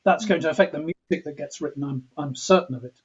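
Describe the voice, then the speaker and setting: Talking fast in a relaxed interview, this English composer has a slightly high voice with a husky edge. He's reflective, repeating words and restarting phrases as he figures out what he means, over dull, lo-fi sound resembling a remote call.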